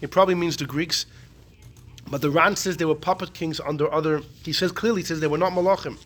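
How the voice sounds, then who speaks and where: A man teaching a Talmudic class, animated and repeating his key points. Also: a little high, quick pace. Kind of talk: Talmudic lecture.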